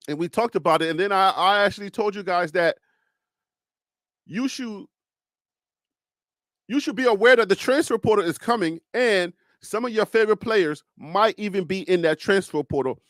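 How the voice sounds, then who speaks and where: A man hosting a live sports talk show, speaking in a calm, reassuring, preacher-like cadence and often repeating and restarting phrases. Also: sits high, normal speed, dry recording, studio quality.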